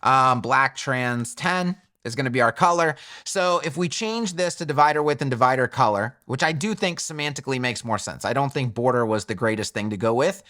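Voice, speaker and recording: A man's voice: mid-range voice, lively intonation, brisk, hardly any pauses, sharp tone. A man teaching web design in a screen-recorded tutorial, thinking aloud in a chatty way and correcting himself as he goes.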